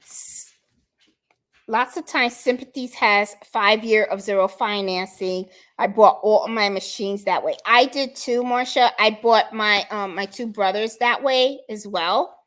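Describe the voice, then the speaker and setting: A woman's voice: medium pitch, unhurried, fairly bright tone. A woman from Puerto Rico hosting a casual craft livestream, chatting and greeting viewers by name as she reads their comments. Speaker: craft channel host.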